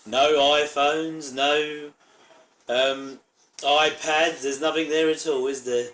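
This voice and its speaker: A man's voice: fairly high pitch, steady tone, slow pace, fairly bright tone, reverberant. A man hosting his own channel, giving casual, rambling reaction commentary full of asides. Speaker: channel host reviewing a TV episode.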